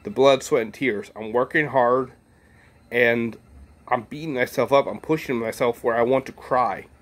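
A man's voice: medium pitch, moderate pace. A man talking earnestly in a casual motivational monologue, rambling and repeating himself with many fillers. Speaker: vlogger.

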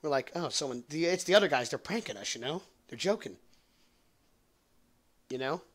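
Young guy on a podcast rambling thru a story, swears a lot, kinda high voice. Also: animated, moderate pace, a bit bright. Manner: rambling, profane, laughs at own jokes. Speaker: podcast host. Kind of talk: casual storytelling.

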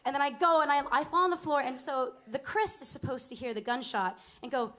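A woman in her twenties telling a lively, laughing stage story between songs at a small club, acting out other people's lines. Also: high voice, brisk. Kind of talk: onstage storytelling banter. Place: small live music club.

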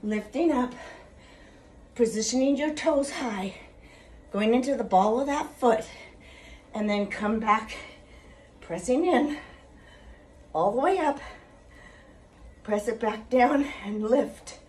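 A woman's voice: on the high side, a little mellow. A woman fitness instructor talking through an exercise routine step by step, with a cheerful greeting and sign-off. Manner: slow, deliberate coaching with cheerful sign-off.

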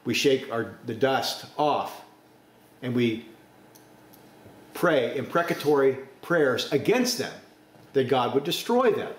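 A man preaching a sermon, forceful, with sudden rises to emphasis. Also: mid-range voice, expressive, slow, long pauses, reverberant.

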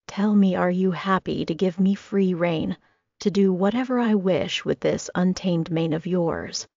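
A woman's voice: lowish voice, creaky, darkish tone, no room sound. Woman doing a fussy Italian hairstylist man. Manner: theatrical, fussing. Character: flamboyant middle-aged male Italian hairstylist. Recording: dry, slightly dull audio.

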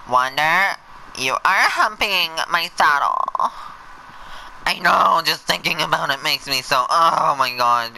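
A man's voice: a little high, creaky, a little hiss or hum, low-quality recording. Sassy, camp male gameplay commentator. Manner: sassy, camp, over-the-top; shouts bursts of excitement. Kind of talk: let's play commentary.

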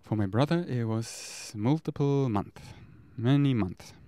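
A man's voice: mid-range voice, measured pace, warm tone, no echo. A man talks in a candid, rambling, profane confessional monologue. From Germany. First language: German. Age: 30s. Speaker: vlogger.

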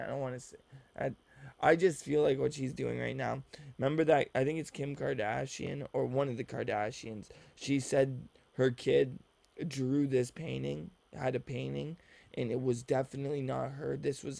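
A man's voice: medium pitch, creaky, darkish tone. A man giving teasing, profane reaction commentary while watching a video. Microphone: desk mic, looking at a screen.

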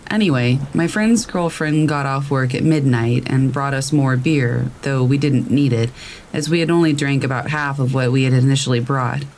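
A man narrating true scary stories in a slow, measured storytelling manner. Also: mid-range voice, a little mellow, a little hiss or hum, rough recording. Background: rain.

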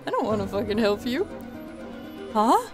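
A woman giving chatty, excitable let's-play commentary as she plays a game, reacting out loud and swearing freely. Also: on the high side, normal speed, music in the background. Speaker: gamer playing a game.

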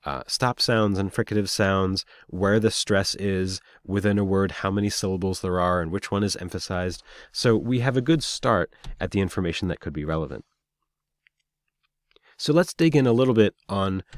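A man's voice: lowish voice, no room sound, studio quality. A man giving a recorded lecture, explaining step by step with frequent fillers and small self-corrections. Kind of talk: recorded lecture on speech acoustics.

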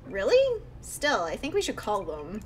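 A woman's voice: medium pitch, huge pitch swings, a little slow, a little hiss or hum. A woman voicing a wary young guesthouse owner in a dry, mildly sarcastic tone. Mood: wry.

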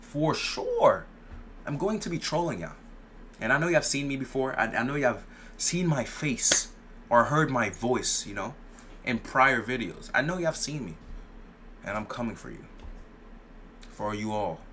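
A man's voice: mid-range voice, sing-song, measured pace, pauses often, a bit bright, slight background noise. A young man giving casual gameplay commentary, playful and boastful, full of slang and repeated phrases. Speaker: gaming YouTuber.

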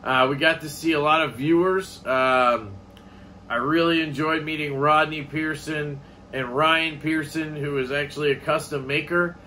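A man's voice: fairly high pitch, fairly even intonation, normal speed, bright, forceful tone, slight background noise. A man vlogging in a casual, rambling way, swearing offhandedly as he chats. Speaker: knife collecting vlogger. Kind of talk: casual chat.

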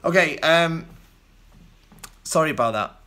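A man's voice: fairly high pitch, expressive, unhurried, pushed and bright. A British man from the UK hosting a kendo show, answering viewer questions in loose, rambling casual chat with many ums and restarts.

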